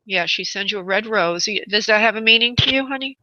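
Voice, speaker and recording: A woman's voice: mid-range voice, fast talker, bright, forceful tone, no room sound, lo-fi sound. A woman hosting a live radio psychic reading, tender and affectionate and calling her callers honey and sweetheart. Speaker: psychic medium and radio host.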